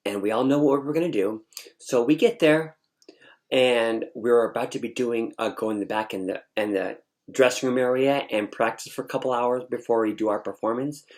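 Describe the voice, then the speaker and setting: A man vlogger telling a story in a loose, animated way, restarting his sentences and wandering into asides. His voice sits at an ordinary middle pitch. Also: normal speed. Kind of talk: casual storytelling recounting a dream.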